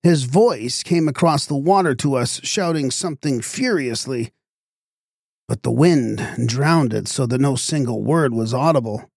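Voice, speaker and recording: A man narrating a literary story in a measured, expressive storytelling manner. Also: medium pitch, creaky, no echo, clean studio sound.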